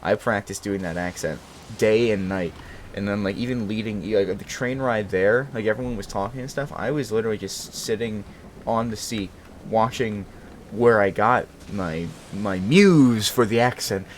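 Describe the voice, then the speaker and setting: Rambling young man, low voice, swearing. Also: moderate pace, slight background noise. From Brooklyn, New York. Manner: rambling, swears a lot, frequent laughs and self-corrections. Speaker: channel host. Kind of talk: casual chat.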